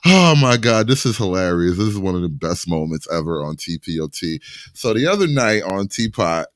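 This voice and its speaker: A man co-hosting a casual chat and telling an animated story, laughing often. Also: sits low, moderate pace, no echo, clean studio sound. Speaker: co-host.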